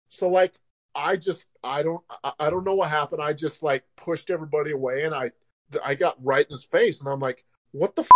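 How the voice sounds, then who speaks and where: A man telling a story in casual podcast chat, animated, swearing and laughing, acting out quotes loudly. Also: on the high side.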